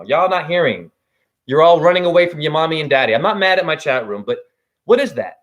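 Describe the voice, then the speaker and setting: Casting note: man in his forties, high voice with wide swings, livestream spiritual monologue, profane. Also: very animated, fast talker. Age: 40s. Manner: swings from low preaching to high shouts, swears. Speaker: spiritual teacher.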